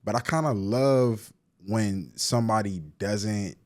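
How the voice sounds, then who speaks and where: A mellow, lowish male voice that moves slowly. He's a therapist and poet in his thirties from Cleveland, Ohio, guesting on a casual interview where he tells stories in slangy speech full of restarts and fillers.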